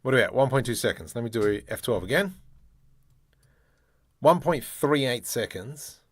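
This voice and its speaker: A man demonstrating 3D modeling software, thinking aloud in a playful way and muttering keyboard shortcuts and mild exclamations as he works. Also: mid-range voice, expressive, moderate pace, husky, dry recording. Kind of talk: screen-recorded software tutorial, thinking aloud.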